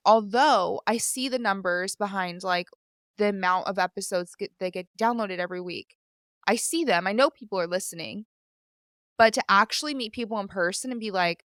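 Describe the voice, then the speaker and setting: Speaking into a studio microphone, a young woman hosts her podcast in loose, candid conversation full of filler words, sometimes teary and sniffling. Her voice sits in the mid-range with a fairly bright tone and a moderate pace. The recording is dry, with clean studio sound.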